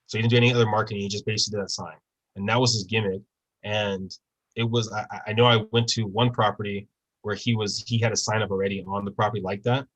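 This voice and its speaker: A man's voice: fairly low pitch, level tone, quick pace, a bit bright, highs cut off. Man coaching over a video call. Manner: casual, peppers talk with tag questions. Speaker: real estate trainer. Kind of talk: conversational training talk on a video call.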